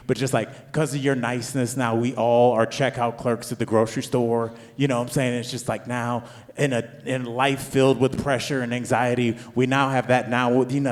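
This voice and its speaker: A man in his forties doing a stand-up set, telling a rambling family story with restarts and climbing into loud, high rants. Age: 40s. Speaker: stand-up comedian. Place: comedy club stage. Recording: long hall reverb.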